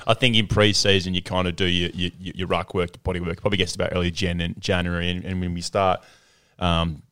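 A man's voice: sits low, flat delivery, brisk, fairly bright tone, smooth, dry recording. An Australian man hosting a casual chat, telling a story with lots of laughter and restarts. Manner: laughs through stories, rambling. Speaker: podcast host.

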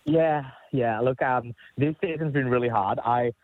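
A man, a chef guest, speaking earnestly and warmly as he is interviewed on the radio. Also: medium pitch, unhurried, dry recording. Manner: earnest, upbeat, gentle laughs. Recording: husky, dry phone-line sound.

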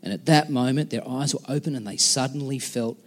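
A man preaching a conversational, emphatic sermon with dramatic pauses as a pastor. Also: mid-range voice, a little hiss or hum. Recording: long hall reverb.

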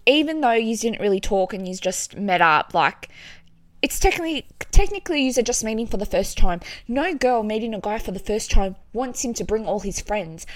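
Young woman, slightly high voice, reactive and sympathetic, dry recording. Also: expressive, dry recording. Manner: reactive, shocked and sympathetic with quick questions. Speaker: listener. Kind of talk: casual chat.

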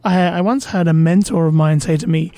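A man's voice: a little high, steady tone, brisk, warm tone, no room sound. A man co-hosting a casual dating podcast, telling stories animatedly and swearing with a laugh. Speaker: podcast co-host, dating coach.

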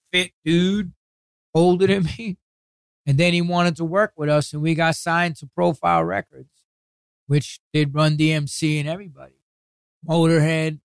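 His voice sits fairly high and sounds creaky, with no echo in the recording. A New York City native with the accent to match, he's a guest in a casual interview telling old stories. The talk is blunt street talk laced with heavy swearing, and he quickly acts out what others said.

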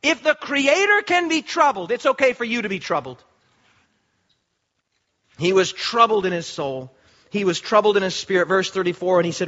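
A male preacher with a very high, bright, forceful voice delivers an impassioned sermon. He slows down and repeats phrases for emphasis. The recording sounds dull and lo-fi. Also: animated. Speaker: pastor.

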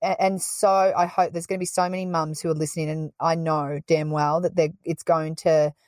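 A woman's voice: low voice, level tone, normal speed, dry recording. Chatty woman podcast host. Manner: warm, enthusiastic, chatty. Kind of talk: casual chat.

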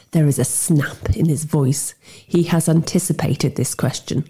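Female audiobook narrator, dark breathy tone, lively wry first-person reading. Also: deep voice, unhurried. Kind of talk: scripted narration.

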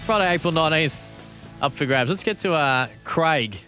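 A man hosting a sports talk radio show, brisk and upbeat as he takes callers. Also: a little high, expressive, sharp tone, faint music behind. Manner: brisk, upbeat, reading out phone numbers. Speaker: radio host. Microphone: studio mic.

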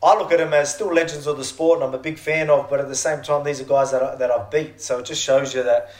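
A man's voice: medium pitch, steady tone, fast. An Australian man talking eagerly as an interview guest, often restarting his sentences. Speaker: fighter guest. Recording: echoey room.

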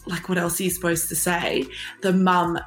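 Low-voiced woman recounting a breakup, roomy sound. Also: level tone, moderate pace, faint music behind. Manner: wry, laughs often while telling. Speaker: guest. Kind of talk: storytelling interview.

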